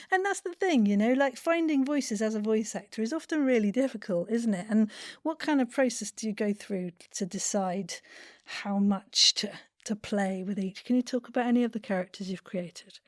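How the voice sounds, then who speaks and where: A woman's voice: on the high side, normal speed, no room sound, studio quality. A woman interviewer chatting casually, encouraging her guest with eager praise. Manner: enthusiastic, encouraging.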